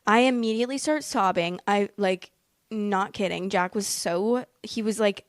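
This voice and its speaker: A woman's voice: medium pitch, normal speed, no room sound, studio quality. A woman telling a personal story in a casual, rambling way, packed with fillers and emotional asides. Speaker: vlogger.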